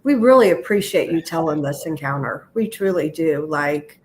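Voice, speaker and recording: Woman co-host, low-ish voice, soft background noise, encouraging. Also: lively intonation, normal speed. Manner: warm supportive reactions, lots of affirmations. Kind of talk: live show chat.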